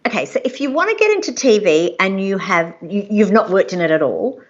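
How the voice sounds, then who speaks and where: A woman, an executive producer giving chatty, animated career advice in a live interview. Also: mid-range voice, brisk, muffled recording. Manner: chatty, animated, acts out quoted people.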